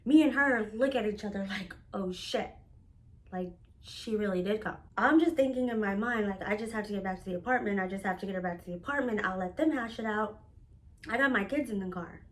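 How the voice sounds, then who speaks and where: A woman's voice: medium pitch, fairly quick. A young woman telling a rambling personal story in a casual, chatty way, full of fillers and acted-out quotes. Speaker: storyteller host.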